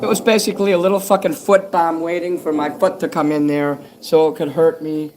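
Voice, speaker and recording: Background noise sits under this older livestream host's fairly high voice, which moves little in pitch and runs a little fast. He chats in a meandering way, cursing freely and answering viewers.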